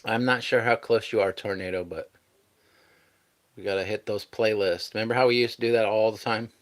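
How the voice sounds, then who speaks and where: A man's voice: lowish voice, fairly even intonation, brisk. A man hosting a casual live stream, chatting easygoingly and thanking viewers as he reads out their messages.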